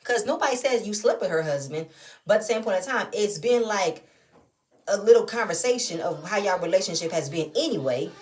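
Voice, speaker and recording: A woman talks a little fast in a mid-range voice, recapping a reality show and giving her review in a casual, lively way. Rhetorical questions pour out of her, and she often sounds incredulous.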